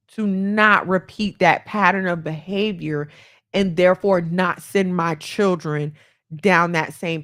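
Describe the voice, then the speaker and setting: A woman's voice: lowish voice, a bit bright. A woman giving heartfelt self-help advice as a mother, speaking earnestly and acting out the voices she quotes. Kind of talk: candid self-help monologue.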